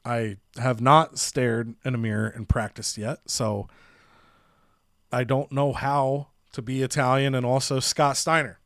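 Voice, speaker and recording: A man's voice: medium pitch, unhurried, dry recording, clean studio sound. A man hosting a gaming channel, narrating the story of his wrestling game and acting out the characters. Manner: animated, acts out characters' lines.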